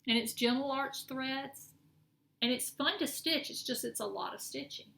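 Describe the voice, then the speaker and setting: Her voice is high, creaky, bright and forceful, moving at a moderate pace as this middle-aged woman casually shows her cross-stitch projects on a vlog. She rambles and corrects herself, and the room echoes with slight background noise.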